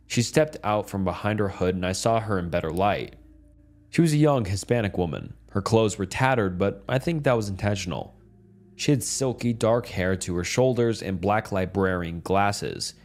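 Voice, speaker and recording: A man reading a dark first-person horror story as a calm, steady scripted narration. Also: fairly low pitch, moderate pace.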